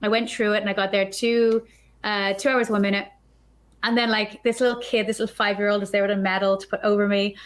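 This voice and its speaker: A woman guest on a podcast, telling a story in a chatty, animated way and acting out her own thoughts. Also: medium pitch, brisk. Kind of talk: casual storytelling.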